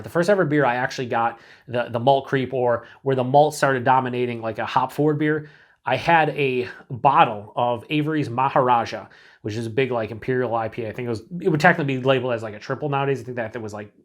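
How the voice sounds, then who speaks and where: A man's voice: mid-range voice, fast. A man casually reviewing a beer on his own channel, rambling and mocking himself, with some swearing.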